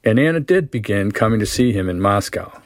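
Literature teacher reading a story aloud and explaining it, low voice, dry close sound. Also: male voice, dry recording. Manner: measured, steady reading; plain explaining with fillers.

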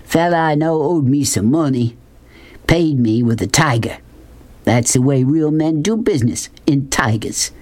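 A man's voice: on the high side, lively intonation, measured pace, darkish tone, pitched above the performer's own voice. A man doing a brash hollering braggart. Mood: bragging. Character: boastful brash rough-talking grown man. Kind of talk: audiobook character voice.

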